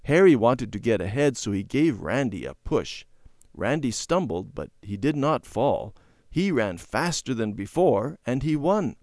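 A man reading a children's Bible story aloud in a gentle, clear storytelling manner. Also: medium pitch, big pitch swings, measured pace, dry recording, clean studio sound.

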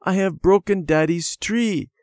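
A man's voice: high-pitched, measured pace, a little mellow, no room sound, clean studio sound, voice pushed up. A man voicing a young girl who is timid and pleading in a children's storybook reading. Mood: startled. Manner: pleading, tearful.

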